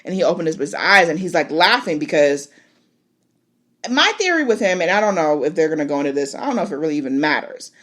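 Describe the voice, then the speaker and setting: Lively, low-pitched woman recapping with animation. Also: fast talker. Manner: animated, laughing, exclaiming at the story. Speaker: podcast host. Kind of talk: casual episode recap.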